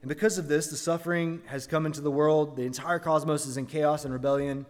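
Pastor, male, fairly high voice, earnest sermon delivery with rhetorical questions, hall reverb. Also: steady tone, fast talker.

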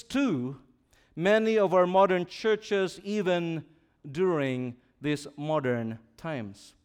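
A smooth, somewhat high voice belongs to a male pastor preaching in a slow, swelling style. Through call-and-response, the congregation repeats his words, while he builds up and softens his voice to drive points home.

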